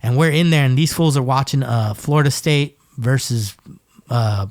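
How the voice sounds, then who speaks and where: A Northern California man, appearing as a podcast guest, tells jail stories in casual, animated fashion, swearing a lot and doing voices for the people involved. His mid-range voice moves at normal speed, recorded in a clean studio with no room sound.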